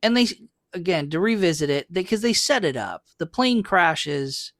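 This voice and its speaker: A man's voice: sits high, big pitch swings, moderate pace, a bit bright, dry recording, clean studio sound. A man co-hosting a podcast, giving opinions on a movie and laying out a fan theory step by step. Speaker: podcast co-host. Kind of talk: casual movie discussion.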